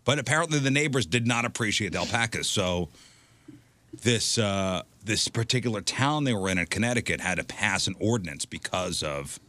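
A man's voice: on the low side, expressive, brisk, bright, forceful tone. A man co-hosting a casual podcast chat, telling stories with frequent laughs. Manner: storytelling, laughs often. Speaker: podcast co-host.

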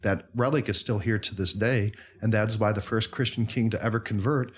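Male podcast host, low voice, husky, animated storyteller. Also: fairly quick. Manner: animated storyteller, explains history.

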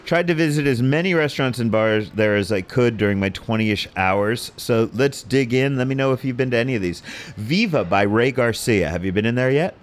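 A man's voice: mid-range voice, animated, a little fast. A middle-aged man hosting a casual food chat, telling wry stories about restaurants. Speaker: food podcast host.

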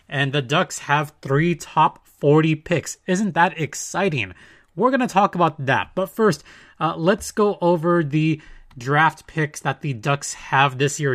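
A man with a somewhat high voice hosts a casual sports podcast, talking in a chatty way with playful asides and firm, emphatic opinions. He is close to the mic in a dry, dead-sounding room. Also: fairly bright tone, no room sound. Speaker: podcast host.

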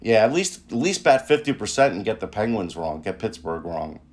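A man's voice: on the low side, very animated, moderate pace. Wry laid-back male sports co-host. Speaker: podcast co-host. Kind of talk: casual sports chat.

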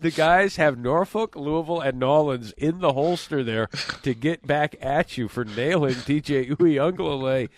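A male sports radio host bantering and ribbing his co-host. His voice sits a bit high and sounds dry and close to the mic. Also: moderate pace, few pauses, dry recording. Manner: teasing, joking. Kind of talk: casual radio banter and live ad reads.

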